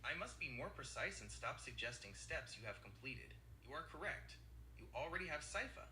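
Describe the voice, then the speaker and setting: A synthetic male assistant voice speaking in an even, formal, apologetic way. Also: a little high, a little fast, roomy sound, slight background noise.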